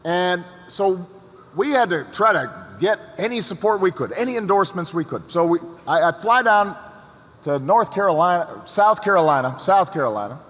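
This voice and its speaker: A man giving a speech to an audience, telling a story with pauses and repeated words. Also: sits high, lively intonation, fairly bright tone. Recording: long reverb of a large hall.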